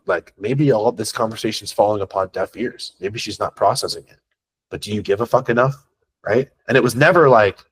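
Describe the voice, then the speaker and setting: A man's voice: fairly low pitch, husky. A man teaching as a sales coach in an unscripted masterclass, talking in a blunt, profane, conversational way that rambles, restarts often and keeps tagging on questions.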